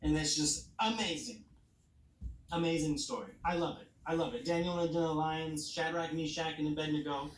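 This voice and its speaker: A woman's voice: sits low, moderate pace, reverberant, slight background noise, low-quality recording. A woman telling a Bible story to children at bedtime, playful, asking them questions and acting out the characters.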